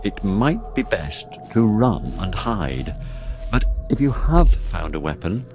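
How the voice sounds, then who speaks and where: An actor voicing a polite, condescending game narrator who speaks formally and calls the player sir. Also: male voice, fairly low pitch, sing-song, slow pace, full character voice. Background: game music.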